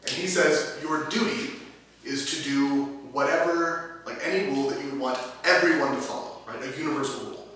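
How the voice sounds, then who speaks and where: A man's voice: medium pitch, fairly quick, bright, forceful tone, slight background noise. A man giving a chatty, casual classroom talk to a small group. He laughs often and restarts his sentences. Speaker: teacher. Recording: echoey room from a distance.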